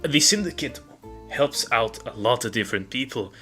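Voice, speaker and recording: A man's voice: mid-range voice, animated, moderate pace, pushed and bright, faint music behind. A man voicing a big, cheerful, boisterous man who is overly friendly and smug. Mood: boastful.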